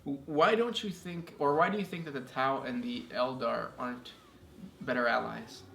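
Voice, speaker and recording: A man's voice: medium pitch, fairly even intonation, normal speed, vocal fry, fairly bright tone. A man co-hosting a casual chat and reading out listener questions in an easygoing way with many fillers. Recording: echoey room with faint noise.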